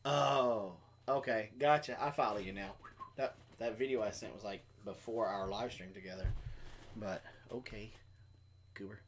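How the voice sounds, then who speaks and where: A man's voice: fairly low pitch, steady tone, moderate pace, slight background noise. A middle-aged man co-hosting a casual live stream, telling stories in a rambling way with many restarts. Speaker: co-host of a homestead live stream. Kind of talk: casual chat.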